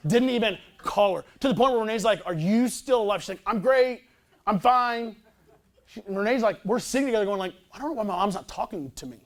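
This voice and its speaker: A man's voice: sits high, lively intonation, fast, few pauses. A man in his thirties, a pastor telling a personal story in a sermon, talking in a casual, chatty, self-deprecating way.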